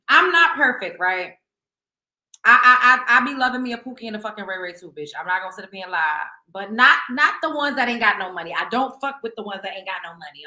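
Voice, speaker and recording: A woman hosts a gossip show with a bright, sharp voice pitched a little high. She talks bluntly and profanely and stumbles over repeated words. The room around her is echoey. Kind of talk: casual celebrity gossip commentary.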